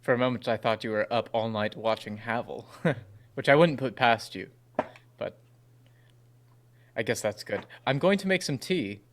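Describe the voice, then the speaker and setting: A man's voice: medium pitch, normal speed, long pauses, slight background noise, close to an everyday voice. A man voicing Edward, a polite character who offers tea in a friendly, lightly teasing way.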